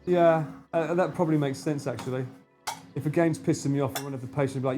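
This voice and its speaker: A young English man with an Essex accent, chatting casually on a stream, animated and swearing, slipping into broad slang. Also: fairly high pitch, fast, over music. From England. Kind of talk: casual chat with a co-host and live chat.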